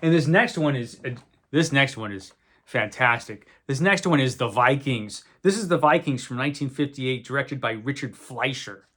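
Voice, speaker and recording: In an unscripted talk to camera, a man reviewing movies chats casually about films he enjoys. His voice is medium-pitched, animated and a bit bright at a normal speed, and he keeps correcting himself amid wry, wandering asides.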